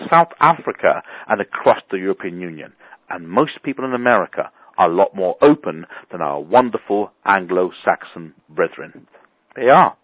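Animated man on a tinny phone line. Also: low voice, husky, no echo. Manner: animated, colorful and blunt. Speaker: business coach. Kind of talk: motivational talk on a phone call. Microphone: telephone.

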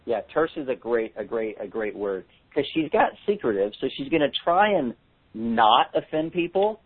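A man's voice: medium pitch, sing-song, normal speed, breathy edge. A man hosting a handwriting analysis seminar with callers, explaining in a chatty way with joking asides. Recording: tinny phone-line audio.

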